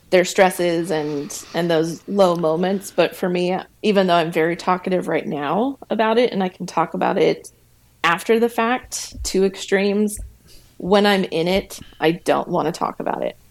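Low-voiced young woman, podcast guest, open and chatty, quick to laugh. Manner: open and talkative, laughs between sentences. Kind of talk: candid personal conversation.

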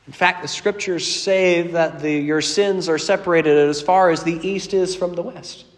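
A man preaching a sermon as a pastor, earnest and storytelling, moving between loud emphasis and quiet asides. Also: fairly high pitch, steady tone, normal speed, few pauses, long reverb tail.

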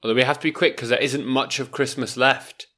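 A man co-hosting a casual podcast, his voice mid-pitched and plain. He talks in a dry, understated way, often pausing before he answers. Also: steady tone, bright, forceful tone. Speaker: podcast co-host.

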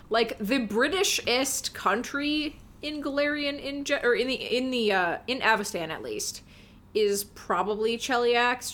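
A woman's voice: medium pitch, a bit bright, slight background noise. Chatty woman co-host on a podcast. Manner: chatty, many "like" fillers, opinionated. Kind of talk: casual chat among friends.

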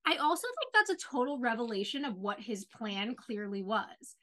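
Bright, animated woman podcast co-host. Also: fairly high pitch, moderate pace, slight background noise. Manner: animated, opinionated, says "like" often. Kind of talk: casual chat about a TV show.

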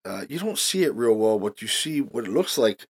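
A man's voice: mid-range voice, sing-song, moderate pace, slightly rough. A man guest-hosting a podcast, telling a story in a casual, profane way and leaning on "you know". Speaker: guest host.

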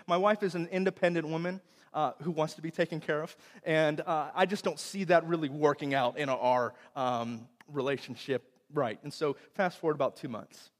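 Young male pastor from Texas, slightly higher voice, storytelling sermon that swings from loud to hushed, long hall reverb. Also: fairly even intonation, moderate pace.

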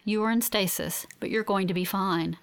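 A woman reading a female medic who speaks calmly and reassuringly. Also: mid-range voice, moderate pace, clean tone, lightly acted. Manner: calm and reassuring.

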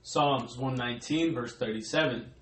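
Man, scripture reader, measured recitation, mid pitch, echoey room. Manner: slow, measured recitation of old-style verse. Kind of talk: reading scripture aloud.

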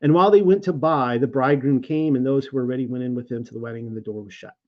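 A man's voice: mid-range voice, fast talker. Casual man reading and riffing on scripture. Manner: casual, animated, stumbles over names and restarts. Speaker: Bible teacher and show host. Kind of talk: informal scripture study, reading and commenting. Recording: slightly dull lo-fi audio.

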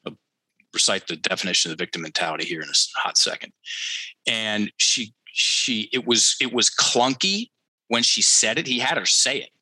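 Guy on a podcast telling a story, low and punchy, keeps repeating stuff for emphasis, dry close sound. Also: lively intonation, normal speed, bright, forceful tone, no echo, low-quality recording. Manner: emphatic, repeats key phrases for effect; addresses listeners directly, teacherly. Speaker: podcast guest. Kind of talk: conversational storytelling.

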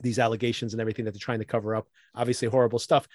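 A fast-talking man co-hosting a casual podcast, recapping a TV episode with lots of laughter. He acts out characters' lines with animated energy. His voice sounds close and dry, with no room behind it. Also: mid-range voice, no echo. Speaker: podcast co-host.

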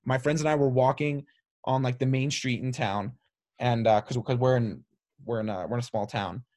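A young man, a podcast co-host, chatting casually and telling an animated, profane story. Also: medium pitch, moderate pace. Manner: loose, animated storyteller, swears a lot. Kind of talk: casual chat.

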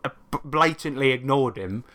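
A man co-hosting a casual podcast, telling stories with lots of animation and quick laughs. His voice is bright and forward. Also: mid-range voice. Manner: animated storyteller, laughs often. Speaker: podcast co-host. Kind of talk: casual chat, reading out listener stories.

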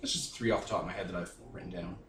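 A man's voice: low voice, very fast, fairly bright tone, reverberant, slight background noise. A man narrating as game master, rambling through descriptions with lots of fillers.

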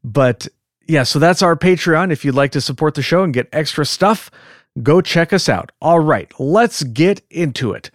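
A man with a Californian accent hosting a podcast in casual chat, rambling and quick to laugh. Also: fairly high pitch, expressive, dry recording, clean studio sound. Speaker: podcast host.

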